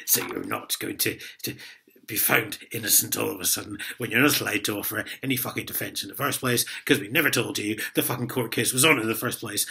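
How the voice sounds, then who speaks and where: Sweary, sarcastic Englishman with a bright voice. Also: medium pitch, fairly quick, creaky. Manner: reads a letter aloud and rants back at it. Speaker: vlogger. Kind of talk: angry ranting vlog.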